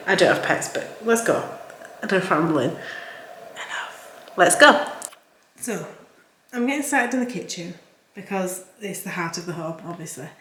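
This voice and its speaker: A woman's voice: fairly low pitch, fairly bright tone. Chatty Yorkshire woman vlogging at home. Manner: chatty, rambling, with fillers. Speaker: cleaning vlogger. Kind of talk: casual vlog chat. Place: home kitchen. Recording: echoey room with faint background noise.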